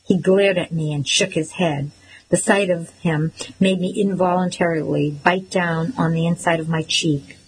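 Woman reading a story in first person, steady pace, faint hiss behind. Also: on the low side, normal speed, rough recording. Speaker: audiobook narrator.

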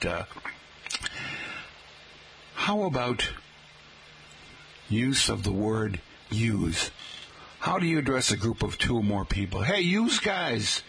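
Slight background noise accompanies this middle-aged radio host, whose mid-range voice is creaky and a bit bright. Speaking with a Boston accent, the Massachusetts man runs a live local talk segment from a restaurant's radio studio, chatting in a folksy way and calling his audience folks.

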